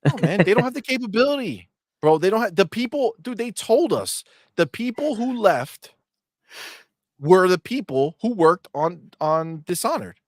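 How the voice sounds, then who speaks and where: A brash man hosts a loose gaming chat in a fairly high voice, swearing freely and mocking his targets. He sometimes breaks into loud shouts. The sound is dry and close to the mic. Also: big pitch swings, normal speed, no room sound. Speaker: podcast host.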